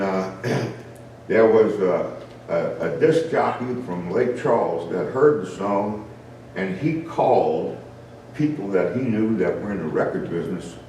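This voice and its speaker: A man telling a story to a live audience in a folksy, unhurried way, with fillers and asides and a dry mouth. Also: fairly low pitch, darkish tone, a little hiss or hum. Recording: roomy, distant room recording with guitar behind.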